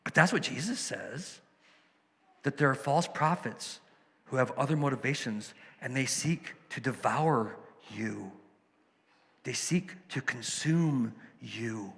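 Pastor guy preaching, gravelly bright voice, chatty storyteller, long church reverb. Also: medium pitch, lively intonation, slow. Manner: conversational, storytelling, emphatic asides. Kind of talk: sermon.

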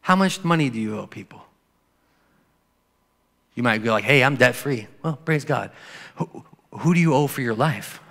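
A male pastor preaching a sermon in a conversational way, slowing and softening when he reads scripture. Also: medium pitch, animated, gravelly. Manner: conversational preaching, drops to soft slow scripture reading. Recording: long hall reverb.

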